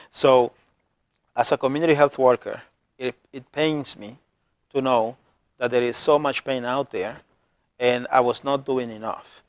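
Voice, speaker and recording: A man's voice: mid-range voice, no room sound. Earnest man with a non-native accent. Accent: non-native English accent. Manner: earnest, emotional, halting with restarts. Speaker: community health worker and show host. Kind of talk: community TV program monologue.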